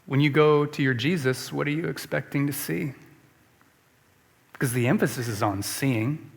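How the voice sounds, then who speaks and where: A man preaching a sermon as pastor, earnest and questioning, moving between emphatic lines and hushed ones. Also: mid-range voice, a little slow, vocal fry, breathy edge, in a large hall. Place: church.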